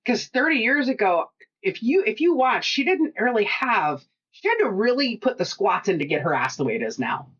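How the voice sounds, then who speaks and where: A middle-aged woman co-hosting a casual chat, telling animated stories, acting out what people said, and laughing often. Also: fairly high pitch, moderate pace, breathy edge, muffled recording. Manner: animated storyteller who acts out quotes and laughs often. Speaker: podcast co-host and shop owner.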